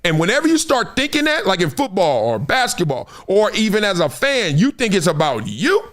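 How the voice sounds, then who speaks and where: A man in his forties hosting a casual sports talk stream, animated and trash-talking, slipping into put-on fan voices. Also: high voice, a little fast. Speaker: show host.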